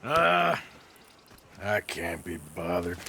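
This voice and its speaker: Blunt outlaw, dry drawl, terse replies, lively pitch swings, faint ambience behind, game cutscene. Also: male voice, slow, vocal fry, slight background noise, exaggerated voice. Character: gruff weary male outlaw, blunt and reluctant. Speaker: hired gunman. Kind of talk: video game cutscene acting.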